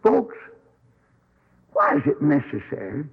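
A male preacher with a somewhat high, husky voice delivers a folksy sermon. His pitch leaps and falls all over the place as he tells his stories. The sound is dull and lo-fi, like an old radio broadcast recording. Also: slow pace. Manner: folksy, animated storytelling with sudden high swoops. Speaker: Baptist preacher.

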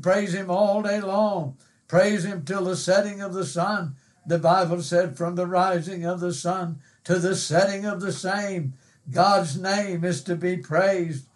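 Fervent high-voiced preacher man. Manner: fervent, repeats phrases, rising to cries. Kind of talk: sermon.

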